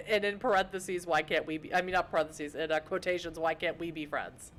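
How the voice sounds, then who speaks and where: A woman's voice: lowish voice, normal speed, fairly bright tone, a little hiss or hum. A woman streaming a narrative game, reading its narration aloud and chatting with chatty, giggly joking asides.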